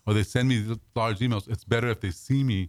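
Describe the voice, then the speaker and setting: A man's voice: medium pitch, steady tone, fast talker, no echo. A man hosting a casual talk show, rambling and often restarting his sentences. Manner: rambling, self-correcting, repeats words. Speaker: radio show host.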